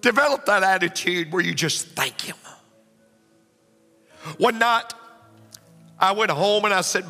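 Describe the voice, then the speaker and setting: A man's voice: sits high, measured pace, long pauses, pushed and bright. A man preaching a sermon, emotional and building to fervent exclamations. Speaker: pastor. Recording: long hall reverb with faint music.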